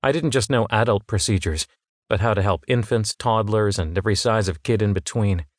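Man, audiobook narrator, first-person storytelling, lowish voice, dry close studio sound, measured delivery. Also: no echo.

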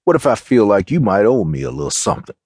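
A man's voice: on the low side, big pitch swings, quick pace, darkish tone, breathy edge, dry recording, clean studio sound. A man voicing a cocky, menacing streetwise young man with slangy swagger, in an audiobook reading.

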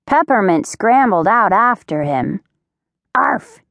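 A woman narrating a children's audiobook in slow, clear, expressive storytelling on a close studio mic. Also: mid-range voice, no room sound.

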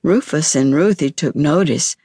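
A woman narrating a children's storybook audiobook in a measured, clear storytelling manner. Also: low voice, expressive, dark tone, dry recording, studio quality.

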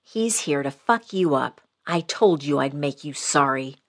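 A woman's voice: sits low, expressive, a little slow, heavily acted. A woman voicing a foul-mouthed, menacing young woman who snarls her threats.

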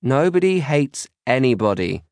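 A man's voice: mid-range voice, big pitch swings, moderate pace, a little mellow, no echo, pitched above the performer's own voice. A man voicing a patient teenage girl in a children's audiobook, talking as a big sister in a firm but coaxing way.

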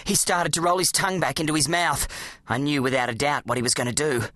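An audiobook narrator, telling a children's adventure story in an animated, dramatic way. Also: mid-range voice, fast talker, no room sound. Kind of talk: scripted narration of a children's book.

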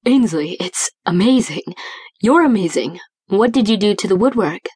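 A woman voicing an easygoing young man who speaks in a relaxed, plain way in an audiobook romance. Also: medium pitch, moderate pace, breathy edge, dry recording, clean studio sound. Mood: fond.

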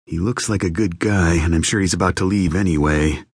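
A man voicing a calm male survivor who tries to talk a gunman down in an audiobook. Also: sits low, fairly quick, slightly rough, no room sound, clean studio sound. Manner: steady, placating. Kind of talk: audiobook character voice.

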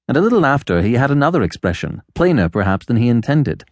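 A man narrating a classic novel in a measured, lowered storytelling voice. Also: very animated, darkish tone, no echo, clean studio sound. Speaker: audiobook narrator.

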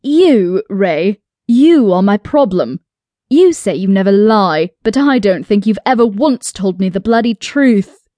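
A frustrated, yearning young man who accuses hotly, then drops to a husky near-whisper. A woman reads him in her own register. The sound is warm and dry, with no room around it. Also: on the low side, takes it slowly, hardly any pauses, no room sound.

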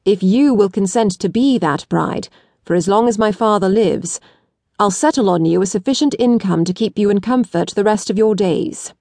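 Casting: a woman doing a blunt young nobleman, calm and measured, in a dry, close recording. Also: medium pitch, dry recording, close to an everyday voice. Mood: calm, businesslike. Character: cool, blunt aristocratic young man.

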